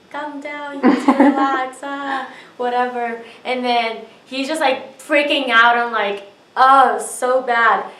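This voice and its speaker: A woman's voice: mid-range voice, fairly bright tone. Chatty young woman in an echoey room. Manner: chatty, filler-heavy, acts out her own reactions. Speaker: actor telling an audition story. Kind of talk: casual storytelling to camera. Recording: roomy, distant mic with faint ambience.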